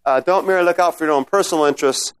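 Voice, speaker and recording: A man with a clear, resonant, somewhat high voice teaches a Bible study very quickly and conversationally. He regularly checks in with the group and starts his sentences over.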